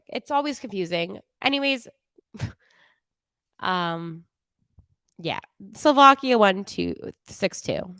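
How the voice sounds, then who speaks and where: A young woman with a New Jersey accent hosts a casual hockey show, chatty and self-deprecating, with plenty of fillers. Her voice sits a little high and sounds smooth. The recording is close and dry. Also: sharp tone, dry recording. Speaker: podcast host. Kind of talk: casual hockey recap on a livestream.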